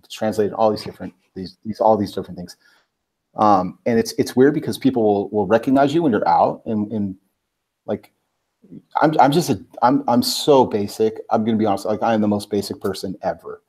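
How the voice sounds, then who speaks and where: A man telling a personal story as a guest on a talk show, in a slightly low voice. His talk is loose and animated, packed with filler words. He slips into little acted-out quotes of what people said. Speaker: guest, personal branding expert. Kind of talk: casual storytelling anecdote.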